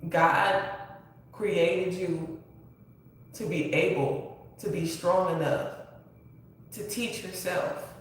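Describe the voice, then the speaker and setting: Tarot reader, earnest and repetitive, unhurried delivery; distant mic with faint hiss. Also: mid-range voice, fairly even intonation, very echoey. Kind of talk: spiritual tarot reading, casual.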